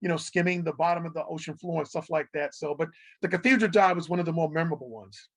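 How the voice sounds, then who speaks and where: A middle-aged man, a guest on an interview show, telling animated stories and acting out what people said, laughing often. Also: fairly high pitch, fast talker. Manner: animated storyteller who acts out quotes, laughs often. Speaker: guest, television executive. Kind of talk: casual interview storytelling.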